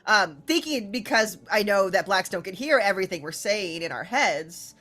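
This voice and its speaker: A woman plays a tabletop game, her voice swinging lively up and down in pitch. She talks in an excitable, animated way about what her character does. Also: normal speed. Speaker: player.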